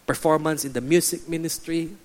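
A man preaching to his church, acting out the voices of churchgoers with lively energy. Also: a little high, brisk. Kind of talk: sermon. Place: church hall.

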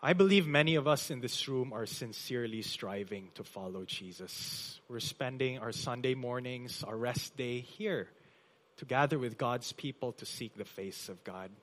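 A man pastor preaching a sermon in a church, with emphatic delivery that swells loud on key phrases and drops soft. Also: medium pitch, moderate pace. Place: church hall.

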